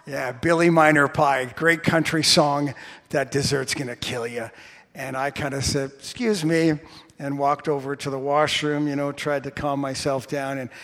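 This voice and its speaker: A man's voice: mid-range voice, fairly even intonation, moderate pace, a bit bright. Man in his sixties preaching in a reverberant church. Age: 60s. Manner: humorous personal storytelling. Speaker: pastor. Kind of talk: sermon. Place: church sanctuary. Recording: long hall reverb.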